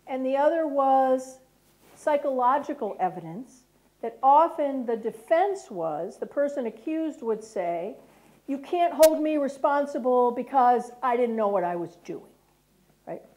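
Slow-speaking woman addressing an audience. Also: a little high, a little mellow, rough recording. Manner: speaks slowly and deliberately, chatty and direct with the audience. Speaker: guest speaker, former prosecutor. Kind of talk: public talk to an audience. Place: lecture room with an audience, filmed.

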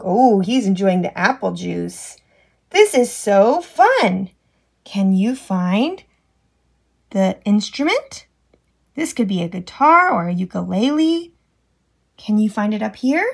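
A woman's voice: medium pitch, very animated, creaky, husky. A woman teacher reading a farm picture book aloud to children, acting out sound effects and asking the child to find things on the page. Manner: slow, sing-song, making animal and machine sound effects; asks the child questions and prompts button pushes. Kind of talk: children's storytime read-aloud.

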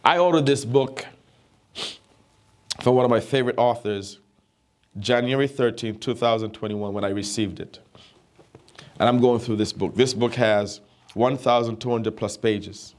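A non-native English-speaking pastor delivers his sermon in a medium-pitched voice at a moderate pace, broken up by long pauses. He repeats phrases for emphasis and often asks if his audience is listening.

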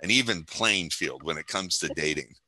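An older man, a hypnotist guest on a podcast, explaining his ideas in a measured, confident way. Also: deep voice, bright, forceful tone. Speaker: hypnotist and motivational speaker guest. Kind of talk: podcast interview conversation.

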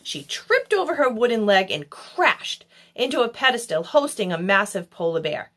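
A woman narrating a children's novel in an expressive storybook style. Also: fairly high pitch, moderate pace. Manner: expressive, animated. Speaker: audiobook reader.

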